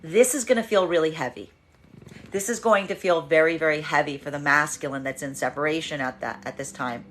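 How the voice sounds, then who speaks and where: A woman giving a tarot reading in an expressive monologue, acting out the voices she quotes. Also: sits low, fairly quick, a little hiss or hum. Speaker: tarot reader.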